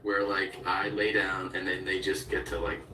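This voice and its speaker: A man's voice: sits low, completely flat delivery, moderate pace, echoey room, recorded from a distance, noisy background. A man in casual podcast chat, laughing often as he tells stories and acts out voices. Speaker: guest.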